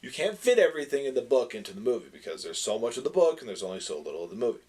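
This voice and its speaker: A man's voice: medium pitch, very fast. Chatty man with a slight lisp. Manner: rambling, self-correcting, animated opinions. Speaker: podcast co-host. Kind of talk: casual chat.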